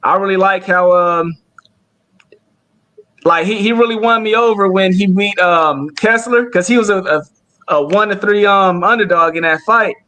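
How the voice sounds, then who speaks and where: A man's voice: high voice, normal speed, sharp tone. A man chatting casually about boxing as co-host, slangy and laid-back with lots of fillers.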